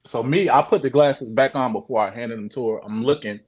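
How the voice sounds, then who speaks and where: A man's voice: medium pitch, brisk, breathy edge. A man telling his own story on a video call, casual, profane and repetitive, often acting out what people said. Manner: profane, repetitive, animated retelling. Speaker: guest sharing a sighting.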